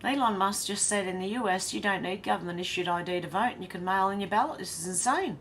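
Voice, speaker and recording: A woman's voice: medium pitch, fast, a bit bright, slight background noise. An Australian woman hosting a casual live stream, reading viewer comments aloud, chatty and blunt, laughing often and swearing.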